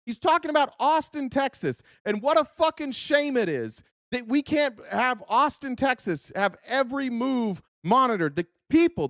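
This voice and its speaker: Man, podcast host, high-pitched, dry close sound, angry, profane, insulting rant. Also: fairly bright tone, no echo. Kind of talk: profane political rant reacting to clips.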